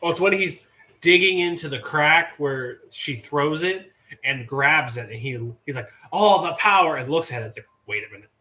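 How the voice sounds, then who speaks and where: Man, 30s, tabletop game player, casual chat, bright forceful tone, rambling asides. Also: a little high, normal speed. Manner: chatty, wanders into asides.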